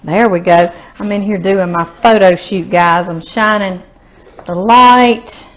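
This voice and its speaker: A woman's voice: medium pitch, slow pace, a little hiss or hum. A woman with a Southern US accent, hosting a home cooking video in a chatty, folksy way and savoring the food aloud. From Louisiana, US Southern. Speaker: cooking show host.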